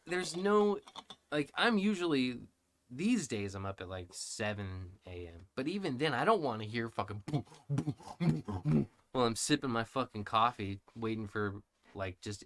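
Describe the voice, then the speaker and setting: A man on a casual podcast, a father of three, telling a profane, animated story. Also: mid-range voice, moderate pace, a little hiss or hum. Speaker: podcast co-host. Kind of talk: casual chat.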